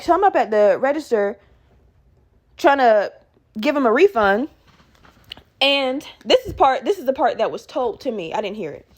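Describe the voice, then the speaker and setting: A woman hosting a podcast, telling a workplace story in a casual, animated, heavily profane way and acting out what people said. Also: high voice, moderate pace, pauses often. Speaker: podcast host.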